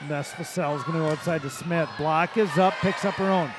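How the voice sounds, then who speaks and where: A man doing play-by-play of a high school volleyball match, calling plays quickly and shouting on big points. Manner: rapid calls that rise to shouts at big plays. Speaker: play-by-play announcer. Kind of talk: volleyball commentary. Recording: loud crowd and gym noise.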